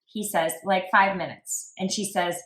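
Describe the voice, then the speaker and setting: This true crime podcast host has a lowish voice and a measured pace. Chatting casually, she reads text messages aloud in a flat way with frequent "like" asides, and the recording echoes as if in a large room.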